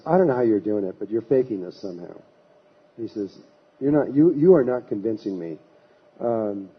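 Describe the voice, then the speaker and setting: Husky man telling a story. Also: lowish voice. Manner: rambling anecdotes, acts out quoted voices. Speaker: lecturer. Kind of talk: storytelling talk. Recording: dull lo-fi recording.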